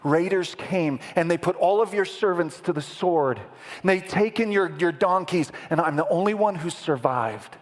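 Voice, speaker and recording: A man's voice: high voice, moderate pace, voice pushed up, lightly acted. A man voicing frightened male servants who bring terrible news, pleading with rising urgency, in an echoey hall. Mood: urgent. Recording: echoey hall with long reverb.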